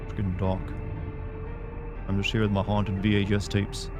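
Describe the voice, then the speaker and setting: With music playing behind him, a young man chats casually during a live game stream, wandering through his talk to viewers with many fillers. His fairly low voice comes at a normal speed and stays completely flat.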